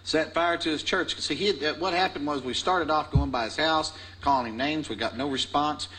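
A man's voice: a little high, brisk, fairly bright tone, faint music behind, low-quality recording. A man telling a story in an interview, folksy and self-mocking.

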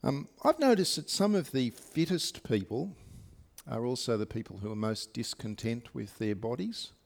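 A man's voice: mid-range voice, expressive, normal speed, vocal fry. A man preaching a sermon to his congregation, speaking conversationally with many fillers and asides. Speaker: pastor. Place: church service.

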